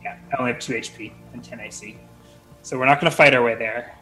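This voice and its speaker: Bright, rambling man playing a wizard. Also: medium pitch, steady tone, fast, soft background music, low-quality recording. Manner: chatty, rambling, self-interrupting. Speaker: player. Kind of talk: casual tabletop play.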